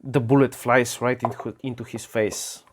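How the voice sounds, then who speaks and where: A man's voice: mid-range voice, level tone, background noise. A man narrating his own solo tabletop adventure, describing dice rolls and actions with frequent restarts. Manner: unhurried, halting narration. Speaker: solo game player and narrator.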